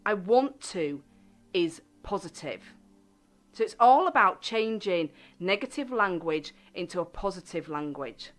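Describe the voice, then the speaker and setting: A woman hosting a self-help radio show, speaking gently and deliberately and stressing key words. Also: fairly low pitch, lively intonation, faint music behind.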